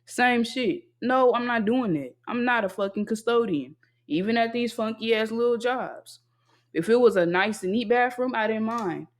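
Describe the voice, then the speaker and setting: A young adult podcast host venting alone in a casual monologue, blunt and heavily profane, hammering home flat refusals. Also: medium pitch, normal speed.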